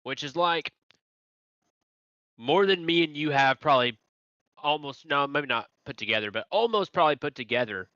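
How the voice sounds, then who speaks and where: Crude, rambling man with a bright voice. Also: a little high, animated, moderate pace, long pauses, no echo. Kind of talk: heated casual debate. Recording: dry, dull lo-fi audio.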